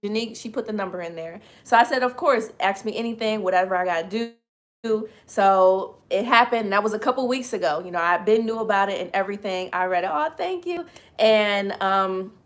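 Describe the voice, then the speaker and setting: A woman in her thirties hosts a relaxed livestream, chatting directly with viewers, greeting and thanking them by name one by one. Her mid-range voice runs a little fast and sounds slightly raspy and strained, carrying a lilt, and she laughs easily and often between remarks.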